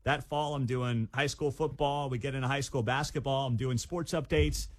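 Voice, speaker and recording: A man's voice: mid-range voice, fairly even intonation, moderate pace. Man co-hosting morning talk radio. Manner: storytelling, playful. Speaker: radio co-host. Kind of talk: casual radio banter.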